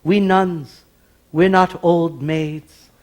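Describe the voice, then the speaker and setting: A man's voice: a little high, steady tone, extremely slow, darkish tone. A man voicing a polite, prim nun nurse in a stage joke.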